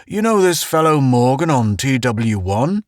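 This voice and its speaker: A man's voice: medium pitch, sing-song, measured pace, dry recording, studio quality, voice pushed up. A man reading an audiobook, voicing an earnest, insistent male visitor.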